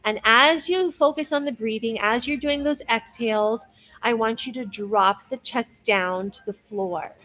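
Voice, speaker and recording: A woman's voice: fairly high pitch, a bit bright, a little hiss or hum, rough recording. A young woman coaching a workout class, upbeat and encouraging as she counts down each interval. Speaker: fitness instructor.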